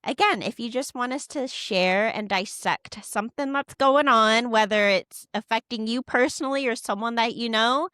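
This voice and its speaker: A young woman co-hosts a podcast in candid, easygoing chat, her voice bright and clear. She speaks into a dry, close microphone, with no room sound around her. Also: on the high side, moderate pace, hardly any pauses, no room sound. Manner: chatty and candid, swears casually. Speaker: podcast co-host. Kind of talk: casual chat.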